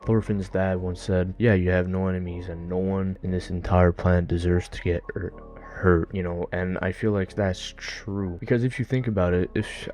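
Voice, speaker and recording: A man's voice: deep voice, dark tone. A young man ranting casually to camera, heated, swearing and rambling as he goes. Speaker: anime commentator. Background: faint background music.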